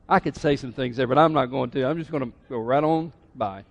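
In a church sanctuary, a middle-aged male pastor preaches a sermon in a conversational style, teasing his congregation. His voice is medium-pitched, gravelly, and fairly quick.

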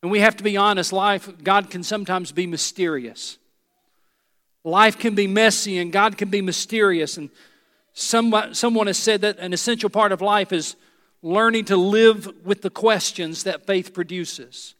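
High-voiced preacher in a reverberant hall. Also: male voice, normal speed, a bit bright. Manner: earnest, emphatic preaching with rhetorical asides to the congregation. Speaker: pastor. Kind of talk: sermon.

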